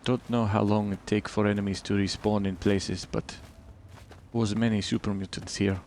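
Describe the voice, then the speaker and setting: A man's voice: fairly low pitch, little pitch movement, moderate pace, darkish tone, a little hiss or hum, natural voice. A man playing a nameless stranger with a put-on generic Eastern European accent and broken English, chatting while he games. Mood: blunt. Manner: broken English, dropped articles, blunt opinions. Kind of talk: joking accent bit while gaming.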